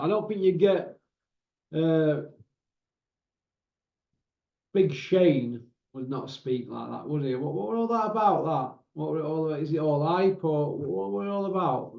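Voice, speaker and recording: A man's voice: on the high side, normal speed, vocal fry. A man hosting casual boxing commentary, ranting in an exasperated way and tacking tag questions onto his points. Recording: roomy, dull lo-fi sound.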